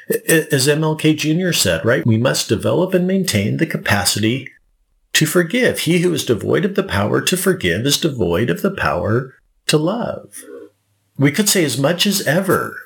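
A man's voice: fairly high pitch, creaky. A male pastor preaching a sermon, explaining scripture with rhetorical asides and questions to the congregation.

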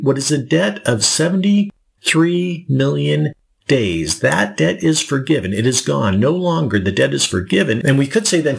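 A man's voice: mid-range voice, gravelly. A male pastor preaching a sermon, explaining scripture with rhetorical asides and questions to the congregation.

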